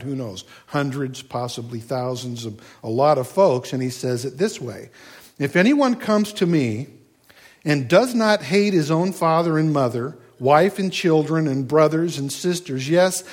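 A man preaching a sermon in a conversational, folksy way, with asides and rhetorical questions. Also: fairly high pitch. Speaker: pastor.

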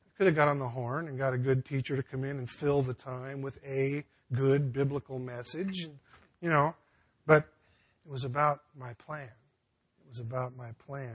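A man's voice: mid-range voice, moderate pace, a bit bright, slightly rough. A man preaching a sermon in a conversational, folksy way, with frequent restarts and casual asides. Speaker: pastor.

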